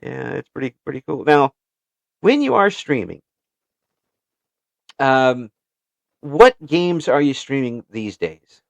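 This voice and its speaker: American man hosting, lively halting voice. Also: mid-range voice, creaky, dry recording. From United States. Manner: halting, many restarts, laughs often. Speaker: interview show host. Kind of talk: casual interview chat.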